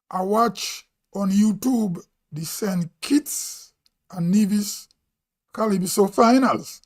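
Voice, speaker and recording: A man from Grenada with a Grenadian accent, talking casually on a live stream and musing aloud as he goes. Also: high voice. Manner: slow, musing, thinking aloud. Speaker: vlog host.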